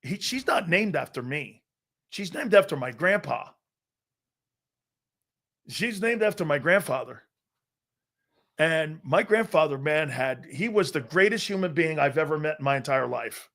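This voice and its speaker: Man, 50s, sports talk host, brash boastful storyteller, fairly high voice. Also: animated, measured pace, vocal fry, pauses often, a bit bright. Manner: brash, boastful storytelling with lots of restarts and acted-out quotes.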